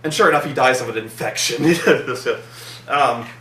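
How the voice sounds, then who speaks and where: A man's voice: mid-range voice, normal speed, bright, forceful tone, echoey room, distant mic. A man reviewing a film in casual chat, rambling with many fillers and repeats and a sarcastic edge. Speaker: movie reviewer, co-host.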